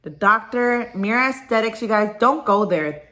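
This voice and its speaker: A woman's voice: a little high, expressive, moderate pace, bright, forceful tone. Upset woman venting to camera. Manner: upset, rambling, swears freely. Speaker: vlogger. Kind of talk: casual personal vlog, venting. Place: at home, dog nearby.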